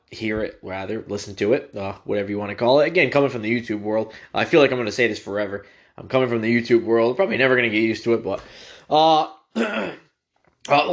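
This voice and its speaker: A young man hosting a casual solo podcast, rambling with lots of fillers. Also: mid-range voice. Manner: rambling, many ums and uhs, informal. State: clearing his throat after eating. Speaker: podcast host.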